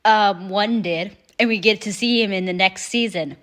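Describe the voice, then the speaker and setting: A woman hosting a reaction video in casual, chatty commentary, swearing freely and quoting characters in quick asides. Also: medium pitch, fairly bright tone.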